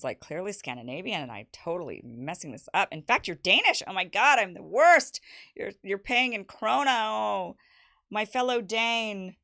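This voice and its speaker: A woman's voice: mid-range voice, animated, moderate pace, gravelly, sharp tone. A young woman hosting her own livestream, chatting casually about her life and reading viewer messages aloud with teasing asides and laughs. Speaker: show host. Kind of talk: casual birthday livestream chat.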